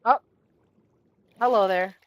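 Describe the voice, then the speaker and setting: A young woman chats as she plays a game, drifting off mid-thought and circling back to what she was saying. Her voice sits at an ordinary middle pitch. The sound is close and dry, with no room around it. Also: slow, no room sound, lo-fi sound. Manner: rambling, distracted, trailing off and restarting. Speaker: gaming streamer. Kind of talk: casual commentary while playing.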